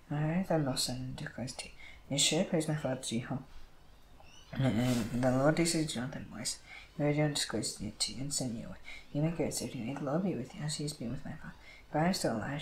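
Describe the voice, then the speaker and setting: A man reading scripture aloud, moving quickly and often stumbling over words and starting lines again. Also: mid-range voice, poor audio. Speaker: Bible reader.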